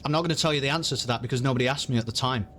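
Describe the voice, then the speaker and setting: A man's voice: medium pitch, racing, very noisy. A man running an online tabletop game as game master, explaining rules patiently with frequent ums and restarts.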